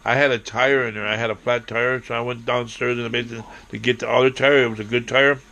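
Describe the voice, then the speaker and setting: A man telling a rambling, profane personal story, acting out quotes and breaking into shouting. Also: mid-range voice, little pitch movement, fast, creaky.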